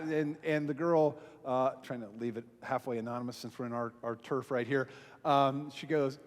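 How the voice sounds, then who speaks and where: A man's voice: on the high side, brisk, fairly bright tone, a little hiss or hum. A man, a pastor, telling a self-mocking story to a church audience and acting out the voices he quotes. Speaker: pastor and small group speaker. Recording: long hall reverb from a live venue.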